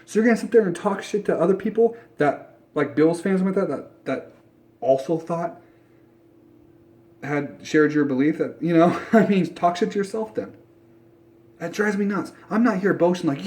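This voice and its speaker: A young man ranting bluntly about football in a casual vlog, swearing often and jumping between mutters and loud outbursts. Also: on the high side, moderate pace, long pauses. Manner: blunt, profane, animated ranting. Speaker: sports fan vlogger.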